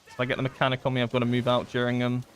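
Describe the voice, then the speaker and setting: A man giving live gameplay commentary, thinking aloud and excitedly pleading with his teammates. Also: mid-range voice, rapid-fire, slight background noise. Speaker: gaming content creator.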